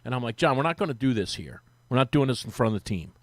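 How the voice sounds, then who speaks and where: A man on sports radio telling a long anecdote in casual chat, acting out the quotes with a rising, lively voice. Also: mid-range voice, quick pace, no echo. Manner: animated, acts out quotes with rising voice. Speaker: sports radio guest, former team reporter. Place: radio studio.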